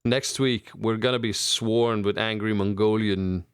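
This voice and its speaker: A man's voice: fairly low pitch, steady tone, measured pace, clear, resonant tone, no room sound, clean studio sound. A young man co-hosting a podcast, rambling and joking crudely in casual banter. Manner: rambling, crude and jokey, many restarts. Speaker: podcast co-host.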